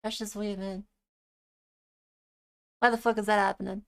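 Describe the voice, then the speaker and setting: A woman's voice: mid-range voice, level tone, normal speed, vocal fry, fairly bright tone, smooth. A woman chatting casually with her live-stream viewers, swearing freely and laughing often.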